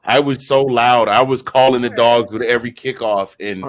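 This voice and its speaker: A man in his fifties, a guest short on sleep, telling an excited sports story with many restarts. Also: medium pitch, normal speed. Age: 50s. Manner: animated storyteller, stumbling restarts.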